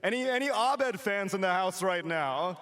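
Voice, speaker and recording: High-voiced man hyping a live crowd. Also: animated, normal speed, very noisy. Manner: jokey, leads chants, shouts to crowd. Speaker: esports panel host.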